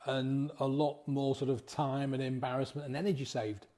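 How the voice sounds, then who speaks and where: A man's voice: mid-range voice, flat delivery, moderate pace, mellow. A man, a sobriety coach talking casually to his viewers in a rambling, encouraging way, full of restarts and rhetorical questions. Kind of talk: casual motivational talk.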